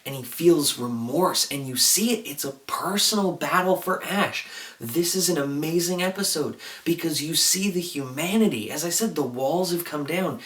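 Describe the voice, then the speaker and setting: A man retells a TV episode in a loose, excitable ramble, leaning on "like" as he goes. He sits some distance from the microphone, so his voice picks up a roomy echo. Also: a little high, normal speed. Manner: chatty, excitable retelling with frequent "like" and acted-out quotes. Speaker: TV episode reviewer. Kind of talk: casual video review.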